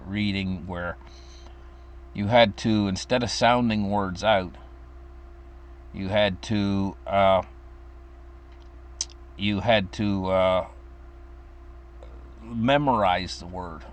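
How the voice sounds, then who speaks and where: A man's voice: low voice, slow pace, pauses often. A man in his fifties from the United States, telling a childhood story in a meandering, chuckling way. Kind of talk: casual personal storytelling.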